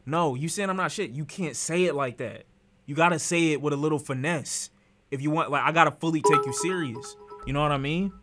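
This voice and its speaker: Bright-voiced man chatting on stream. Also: on the high side, fairly quick, soft background music. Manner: animated, profane, often breaks into laughter. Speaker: streamer reacting to a clip. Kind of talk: casual reaction chat.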